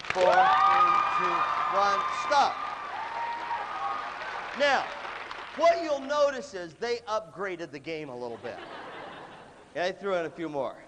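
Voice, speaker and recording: Animated middle-aged man in an echoing hall. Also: a little high, noisy background. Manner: energetic, playful, acts out voices. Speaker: music clinician. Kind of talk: animated workshop talk to students. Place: large hall with a live audience. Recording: hall reverb from a big room.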